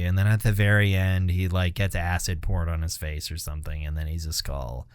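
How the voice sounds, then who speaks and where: A man's voice: low-pitched, fairly quick, hardly any pauses, a bit bright, dry recording. A young man co-hosting a podcast, rambling casually with lots of swearing and laughter. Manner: rambling, profane, laughs at his own stories. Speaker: podcast co-host. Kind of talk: casual chat.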